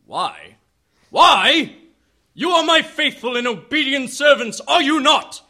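A man's voice: extremely high pitch, lively intonation, slow pace, pushed and bright, heavily acted. An actor playing a grandiose, pompous alien cult lord speaking through a man's body, in an audio drama. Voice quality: pompous, theatrical.

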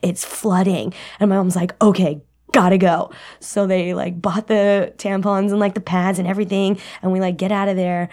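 A young woman casually telling a personal story in a chatty, animated way, acting out the people she quotes. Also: medium pitch, fairly quick, hardly any pauses. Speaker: guest storyteller.

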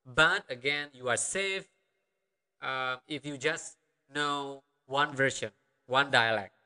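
A man from Bali with a Balinese accent, teaching a language lesson. He says words slowly and repeats them, often checking in with "okay?". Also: mid-range voice, sharp tone, clear, resonant tone, long reverb tail. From Karangasem, Bali.

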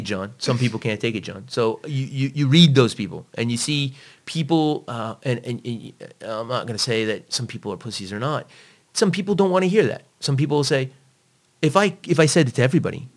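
A man's voice: medium pitch, a little fast. A man, a fitness trainer, talking bluntly and profanely in a casual chat, acting out what he tells clients. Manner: blunt, profane, animated when quoting others.

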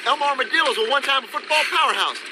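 A man's voice: very high-pitched, animated, fast talker, noisy background. An actor playing a chatty small-town male deputy sheriff, rambling on in a put-on Southern accent. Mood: folksy rambling. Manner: rambling, folksy drawl. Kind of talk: film dialogue.

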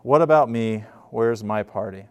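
A preacher acting out a bitter, indignant older brother. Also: male voice, medium pitch, measured pace, a little mellow, natural voice. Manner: bitter, exasperated complaining. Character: indignant older brother, young man, resentful.

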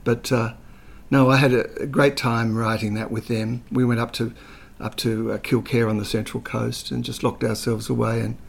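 A man's voice: mid-range voice, little pitch movement, normal speed, creaky, hardly any pauses. An older man, talking as an interview guest, telling chatty anecdotes full of fillers. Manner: chatty storyteller, hesitant with fillers, slips into voices.

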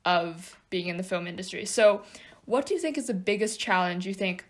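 A woman's voice: lowish voice, lively intonation, brisk. Upbeat woman hosting an interview. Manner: upbeat and chatty. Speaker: podcast host. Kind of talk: casual interview.

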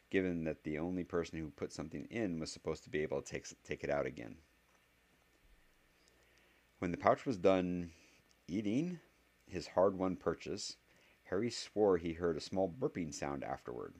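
A man narrating a fan audiobook in a steady storytelling manner. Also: rumbling low. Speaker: audiobook reader.

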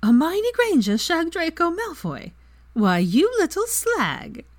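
A woman's voice: fairly high pitch, sing-song, a little fast, no room sound, pitched above the performer's own voice. A woman reading aloud and voicing a bold, frank young witch. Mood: brazen.

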